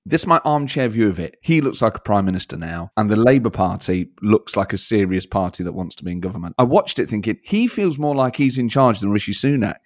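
Man chatting with a lively, swooping voice. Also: lowish voice, a little fast, hardly any pauses. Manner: chatty and jokey, with playful teasing. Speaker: podcast co-host. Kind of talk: casual chat.

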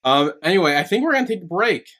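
A man's voice: high voice, sing-song, quick pace, pushed and bright. A man hosting a podcast, recapping plot in casual chat with many fillers and acted-out quotes. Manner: hesitant plot recap, lots of fillers, acts out lines. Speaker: podcast host.

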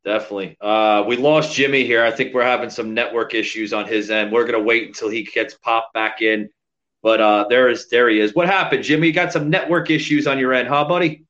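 A man's voice: mid-range voice, steady tone, brisk, a bit bright, dull audio. A man co-hosting a casual podcast, emphatic and incredulous, swearing freely. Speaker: podcast co-host. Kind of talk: casual profane chat.

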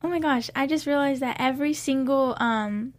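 Young woman dancer, high voice, rambling, says "like" a lot. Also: normal speed. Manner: rambling, lots of "like". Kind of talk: casual interview.

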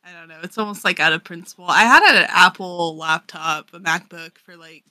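A young man with a very bright, sharp voice co-hosting a relaxed podcast. He laughs easily and fills his talk with casual fillers, recorded dry and close. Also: high-pitched, fairly quick, no room sound. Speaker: podcast co-host. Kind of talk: casual chat.

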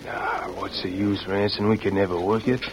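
A man's voice: lowish voice, level tone, normal speed, lightly acted. An actor playing a young outlaw who questions his partner in an old radio drama. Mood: doubtful. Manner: skeptical, questioning. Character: young male outlaw, doubtful and easily tempted. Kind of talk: 1940s radio acting. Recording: dull old radio recording.

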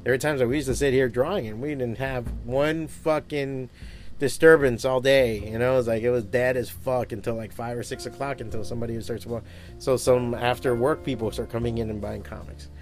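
A man who owns a comic book shop, talking in a casual podcast monologue, swearing often and rambling through animated stories. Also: mid-range voice, brisk, faint music behind. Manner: profane, rambling, animated storytelling.

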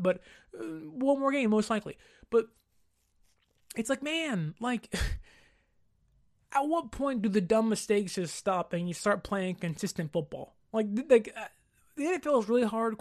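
Exasperated woman ranting about football. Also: on the high side. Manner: exasperated, slangy, repeats herself for emphasis. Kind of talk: heated sports commentary rant.

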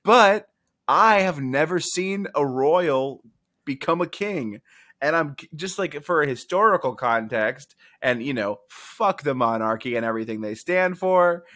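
A young man co-hosting a casual podcast, joking and laughing often as he talks. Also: on the high side. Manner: joking, animated, quick laughs. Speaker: podcast co-host. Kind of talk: casual chat.

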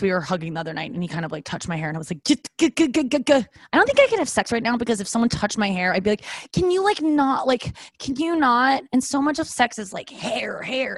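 Talking to her dog at home, a woman hosts a casual solo podcast, rambling in a chatty, self-deprecating way with lots of fillers and acted-out asides. Her voice is fairly low, and the recording has no room sound.

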